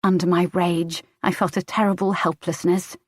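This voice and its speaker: A woman's voice: fairly low pitch, level tone, normal speed, darkish tone, no room sound, studio quality. A woman reading a first-person audiobook in a tense, emotional way. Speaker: audiobook narrator.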